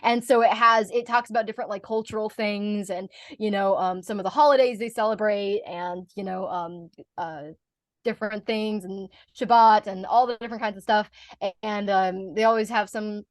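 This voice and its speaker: A young American woman chatting as an interview guest about her voice-over work, animated and giggly, with many fillers and restarts. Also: mid-range voice, moderate pace, dry recording, studio quality. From United States. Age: young adult. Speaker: guest, voice actor and speaker. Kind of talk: casual interview chat.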